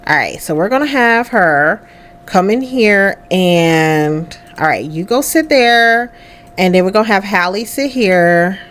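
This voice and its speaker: A woman's voice: mid-range voice, animated, unhurried, a bit bright. A young woman chatting casually through a life-sim game, talking to her character as she plays. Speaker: let's play host. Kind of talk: casual gameplay commentary.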